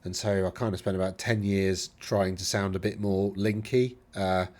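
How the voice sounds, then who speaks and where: A man's voice: low voice, steady tone, normal speed, darkish tone. A middle-aged man speaking received-pronunciation English with slight Lincolnshire traces, rambling off-topic in a casual monologue as a podcast host. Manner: rambling and digressive, hesitant.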